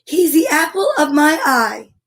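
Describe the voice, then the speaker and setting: A woman's voice: sits high, animated, measured pace. A woman voicing a sour, stingy mother pig who dotes on her son, reading a storybook to kids in close to her own voice. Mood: doting. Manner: fond, doting lines in the reader's near-own voice.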